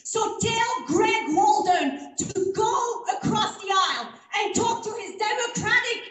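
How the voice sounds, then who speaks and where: Woman from Oregon, very high voice, firm public comment, echoey hall. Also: expressive, a little slow, a bit bright. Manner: firm, pointed, with hesitant fillers. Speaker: local resident at a community meeting. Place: large community meeting hall. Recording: echoey hall recorded from far off.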